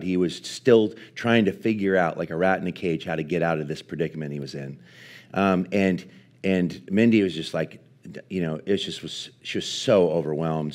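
A man preaching at a live church service, telling a personal story in an earnest, halting way with many restarts. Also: sits low, a little mellow. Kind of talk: sermon storytelling.

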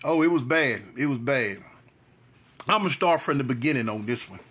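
A man's voice: mid-range voice, animated, normal speed, fairly bright tone, husky. A man in his fifties from South Central Los Angeles, telling a story to his channel in a chatty way, with repetitions and street slang. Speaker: vlogger. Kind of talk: storytime monologue.

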